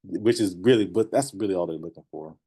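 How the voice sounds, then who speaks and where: A man coaching a class in a casual, animated way, often laughing and acting out what clients say. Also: deep voice, quick pace, breathy edge. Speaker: notary business coach. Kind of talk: teaching class, casual talk.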